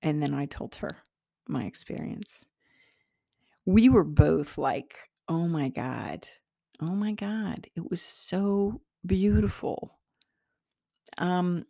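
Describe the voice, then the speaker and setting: A woman's voice: deep voice, vocal fry, mellow, no echo, studio quality. A middle-aged woman, a podcast host and healer, telling a personal story in an earnest, rambling way with many fillers and restarts.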